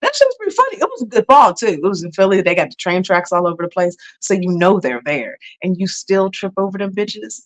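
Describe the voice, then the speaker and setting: A woman comedian sits in as a podcast guest, telling loose stories in a giggly, animated way. She swears casually and keeps the chat light. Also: medium pitch, fast, hardly any pauses, low-quality recording. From United States.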